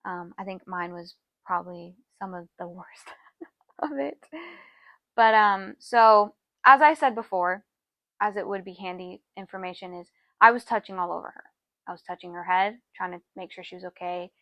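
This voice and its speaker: Earnest and emotional, this podcast co-host, a young adult woman, recounts something from her own life and gives voice to the people she quotes. The tone is sharp and mid-range, with no echo.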